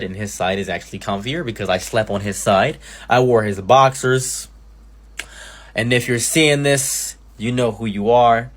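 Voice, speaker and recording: A young man telling a personal story as a storytime commentary, animated and mock-grandiose, jumping up into high exclamations.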